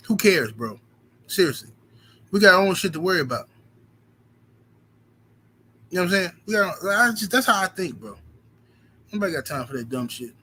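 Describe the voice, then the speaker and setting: A man hosting a casual livestream, reading out viewer messages and riffing in a profane, rambling, animated way. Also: sits high, moderate pace, pauses often, breathy edge. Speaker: livestream host reading super chats.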